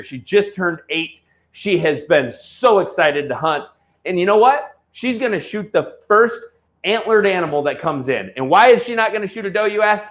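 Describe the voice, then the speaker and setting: Blunt high-voiced man ranting. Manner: blunt, animated, swears freely. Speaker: host of an online auction show. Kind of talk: ranting casual talk to viewers.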